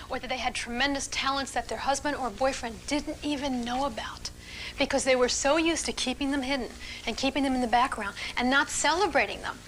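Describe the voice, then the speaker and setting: A middle-aged woman leading a seminar for a live audience, talking in an animated, emphatic and playful way. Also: sits high, slight background noise. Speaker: relationship speaker leading a seminar.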